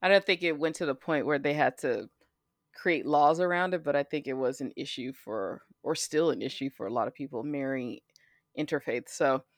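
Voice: mid-range voice, moderate pace, no room sound, clean studio sound. A podcast co-host from the United States in casual chat, talking freely and often restarting sentences. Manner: chatty, trails off and restarts.

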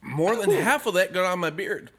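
A man's voice: high voice, big pitch swings, moderate pace, a bit bright. A man co-hosting a comedy podcast, rambling through stories with lots of fillers and teasing his co-host. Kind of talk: comedic casual banter.

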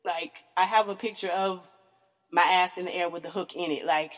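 A woman's voice: steady tone, moderate pace, big-room sound. A Southern American woman in her thirties, hosting a podcast and telling candid stories, profane and laughing often. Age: 30s. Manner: frank, profane, laughs often, voice leaps high in mock disbelief. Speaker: podcast host. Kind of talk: candid casual storytelling.

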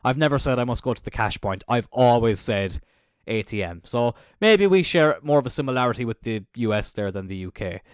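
A man's voice: mid-range voice, expressive, brisk, clean tone, no echo, clean studio sound. A young man from Cork with a Cork Irish accent hosts a casual solo podcast, rambling and chatty, swearing freely and trailing off mid-thought. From Cork, Ireland. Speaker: podcast host. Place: indoors, seated on a squeaky chair.

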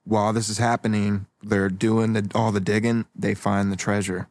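A man joining casual comedy banter with quick, playful interjections. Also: lowish voice, flat delivery, a little mellow, no room sound.

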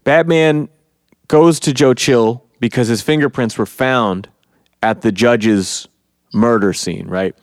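A man in casual podcast chat about a comic, his voice smooth and resonant. He sounds close to the mic in a dry room, animated as he lays out each beat. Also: mid-range voice, slow pace, no room sound. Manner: animated storyteller, acts out quotes. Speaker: podcast co-host. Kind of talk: casual comic book discussion.

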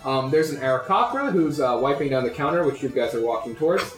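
A man's voice: medium pitch, lively intonation, fast talker. Guy running a tabletop game, lots of uhs and likes, echoey room, bit of music. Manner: casual, filler-heavy narration with many "uh" and "like". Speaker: game master. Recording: roomy recording.

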